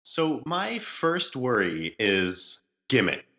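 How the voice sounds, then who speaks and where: A man co-hosting a movie podcast who works as a screenwriter and thinks out loud in long, earnest explanations. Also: mid-range voice, huge pitch swings, takes it slowly. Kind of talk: casual movie chat.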